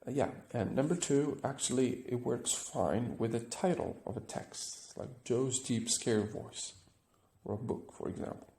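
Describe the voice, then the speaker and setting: A man with a gravelly, creaky voice teaches a grammar lesson, walking through examples step by step and checking in with "right?". The recording has a noticeable echo from the room. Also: medium pitch, measured pace, warm tone. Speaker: English teacher.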